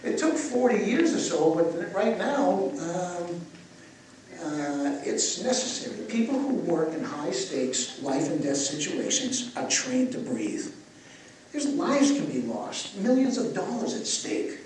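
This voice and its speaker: An older man leading a guided breathwork session for a live audience, asking gentle questions and slipping in playful jokes. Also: high voice, big pitch swings, takes it slowly, slight background noise. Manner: gentle guiding questions, joking asides. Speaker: breathwork teacher. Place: large echoey event space. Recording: echoey, distant live event recording with ambience.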